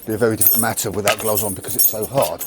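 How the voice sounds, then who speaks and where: A man's voice: on the low side, fairly even intonation, very fast, very noisy. A man explaining martial arts training in a candid, matter-of-fact way while demonstrating outdoors. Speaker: martial arts channel host. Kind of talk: casual training demonstration to camera. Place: outdoors near a tree.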